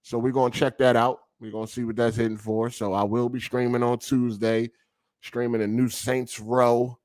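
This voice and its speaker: A man's voice: medium pitch, flat delivery, normal speed, a little mellow. A man hosting a gaming podcast stream, talking casually with heavy swearing and slang, venting his frustration. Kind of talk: casual profane rant. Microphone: streaming setup over a weak connection.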